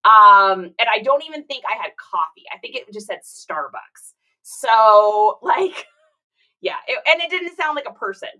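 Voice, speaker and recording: A woman's voice: medium pitch, expressive, unhurried, sharp tone, low-quality recording. A woman chatting casually on a livestream while packing orders, reading viewer comments aloud and laughing often. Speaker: reseller streaming live.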